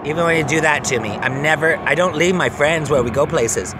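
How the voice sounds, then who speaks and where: A man's voice: a little high, fairly quick. Profane rambling man outdoors. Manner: rambling, profane, animated retellings with many restarts. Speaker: video journal keeper. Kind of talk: casual storytelling monologue. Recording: noisy outdoor street recording.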